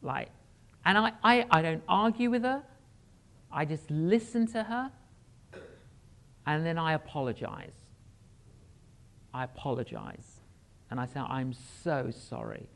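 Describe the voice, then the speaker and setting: A preacher man delivers a storytelling sermon in a church. His voice swings widely up and down as he acts out conversations, and he takes his time, pausing for humorous asides to the congregation. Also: fairly high pitch, creaky. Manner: animated storyteller acting out dialogue.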